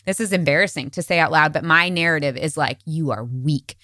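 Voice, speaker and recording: A woman hosting a podcast, talking in a reflective, earnest way and affirming her guest with soft murmurs. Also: low voice, quick pace, no echo, clean studio sound. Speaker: podcast host. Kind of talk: casual conversational interview.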